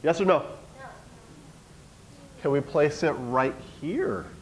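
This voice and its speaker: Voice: medium pitch, slow pace, rough recording. A teacher giving a classroom lesson, coaxing the students with question after question.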